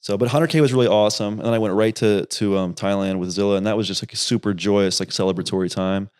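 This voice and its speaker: A young man, a YouTuber and podcast guest, telling rambling, animated stories in casual talk and swearing freely. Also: fairly low pitch, fast, clean tone. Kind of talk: casual storytelling.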